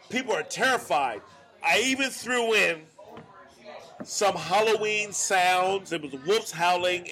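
A man hosting a casual bar podcast, telling a profane, animated story. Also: high voice. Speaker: podcast host.

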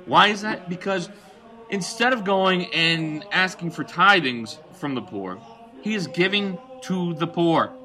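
A man's voice: high-pitched, expressive, unhurried, pushed and bright. A man co-hosting a casual bar-talk show, rambling and profane while giving his opinions. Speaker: podcast co-host.

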